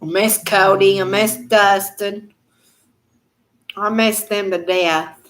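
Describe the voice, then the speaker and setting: A woman's voice: mid-range voice, fairly even intonation, slow pace, a bit bright. A woman hosting a casual live chat at home, rambling and laughing often, with many fillers.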